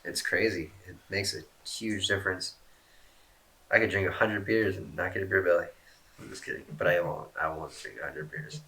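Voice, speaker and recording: A relaxed man works through viewer questions in a loose, rambling Q&A, cursing freely and poking fun at himself. His voice sits low yet carries a bright, forward edge. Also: normal speed. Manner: rambling, laid-back, swears a lot; self-mocking jokes. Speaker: skateboarder answering fan questions. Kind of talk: casual Q&A, reading out viewer questions.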